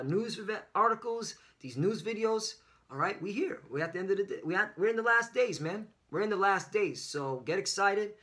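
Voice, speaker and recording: A man's voice: on the high side, sharp tone. A man preaching fiery, confrontational religious commentary on the news, peppering his talk with "all right?".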